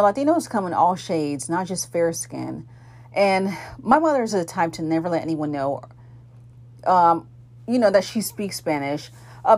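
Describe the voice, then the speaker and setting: Young adult woman, podcast host, lowish pitch, conversational, frequent fillers, restarts. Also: darkish tone. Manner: conversational, many fillers and self-corrections. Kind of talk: casual monologue introducing an episode.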